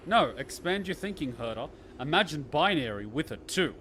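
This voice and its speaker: A man giving casual reaction commentary on a game, excitable, joking and profane. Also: a little high, moderate pace, a little hiss or hum.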